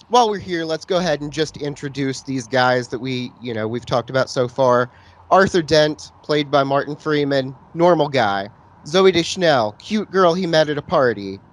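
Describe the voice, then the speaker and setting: A man's voice: fairly high pitch, animated, moderate pace. A man co-hosting a podcast, making wry, profane asides and introducing the movie's characters. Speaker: podcast co-host. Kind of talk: casual movie-review chat.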